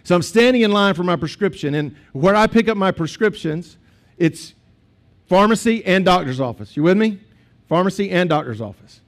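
A man's voice: high-pitched, expressive, normal speed. A man, a pastor preaching a sermon in a conversational storytelling way with asides to the congregation.

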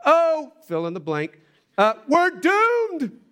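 A man voicing a terrified young male servant, squealing in a shrill, high voice. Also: moderate pace, fairly bright tone, smooth, natural voice. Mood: panicked.

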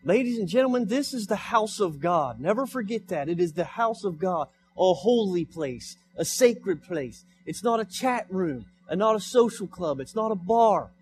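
Preaching in a church sanctuary, a young American pastor uses a high, animated voice at a moderate pace, barely pausing. He repeats his points with growing emphasis while faint music plays behind him.

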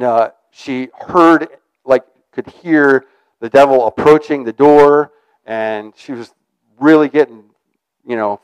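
Male preacher, casual, rambling delivery, smooth resonant tone, dry close sound. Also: mid-range voice, no room sound, low-quality recording. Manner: conversational, rambling with restarts. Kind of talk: informal sermon.

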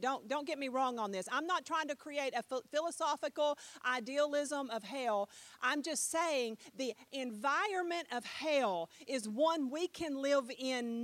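Middle-aged woman preaching, high voice, dry close sound, animated story, talks right to the crowd. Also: dry recording. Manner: animated storytelling, swings loud and soft; talks with the audience, asks them questions. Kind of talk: sermon.

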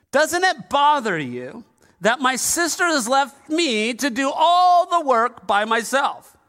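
A man's voice: very high voice, very animated, slow, bright, forceful tone, full character voice. A man voicing an exasperated overworked woman, in a reverberant hall. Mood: indignant. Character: exasperated overworked woman complaining about her sister. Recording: long reverb of a large hall.

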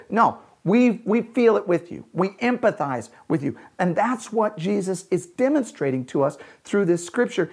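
A man preaching a sermon as a pastor, earnest, often slowing down and dropping to a soft, quiet voice on key lines. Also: on the high side, animated, slightly rough.

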